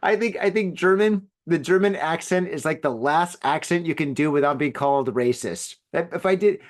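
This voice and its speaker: A man hosts a solo podcast, reading out odd news and riffing on it in a loose, rambling way. His voice sits a little higher than most men's. He leans on fillers and jokes. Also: moderate pace. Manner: rambling, joking, filler-heavy. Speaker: podcast host.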